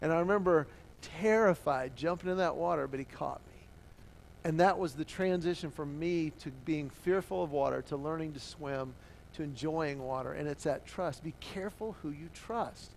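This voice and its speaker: A man preaching a sermon, telling a childhood story with lively acted-out voices and quotes. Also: on the high side, moderate pace, creaky. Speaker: pastor.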